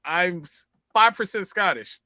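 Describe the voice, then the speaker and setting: A man co-hosting a podcast, chatting playfully and cutting in quickly. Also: sits high, bright, forceful tone, no room sound. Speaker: podcast co-host. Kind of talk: casual comedic chat.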